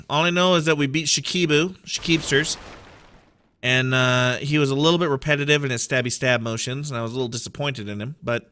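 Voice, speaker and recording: Male streamer, bright and lively, rambling self-mocking play-by-play. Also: fairly high pitch. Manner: rambling, playful, self-deprecating. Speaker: game streamer. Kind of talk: casual gameplay commentary.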